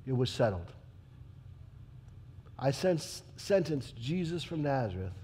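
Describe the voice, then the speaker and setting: A man playing Pilate, a husky troubled governor. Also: medium pitch, big-room sound, exaggerated voice. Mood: grim. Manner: emphatic, swinging between loud declarations and hushed asides. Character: troubled Roman governor Pilate, proud and defensive. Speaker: character monologue performer. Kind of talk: dramatic church monologue.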